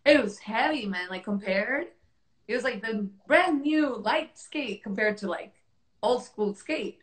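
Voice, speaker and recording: A woman's voice: on the high side, animated, unhurried, roomy sound. A woman from Mexico, hosting a casual interview and chatting with many fillers, sometimes acting out quotes. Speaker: host and technical specialist.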